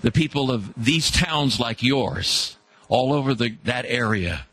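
A man telling an inspirational story in an earnest way, slowing down for emphasis. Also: mid-range voice, lively intonation, sharp tone.

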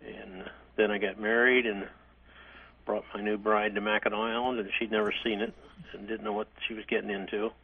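An older man, a hotel chairman, telling stories from his career in a halting, rambling way with frequent restarts. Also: lowish voice, flat delivery, gravelly, breathy edge, phone-quality sound. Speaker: interview guest, hotel chairman. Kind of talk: reminiscing interview.

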